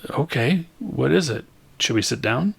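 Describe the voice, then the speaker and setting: A man voicing an emotional, excitable young woman who gushes and apologizes. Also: medium pitch, a little slow, creaky, breathy edge, voice pushed up, full character voice. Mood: anxious. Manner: gushing, breathless, apologetic.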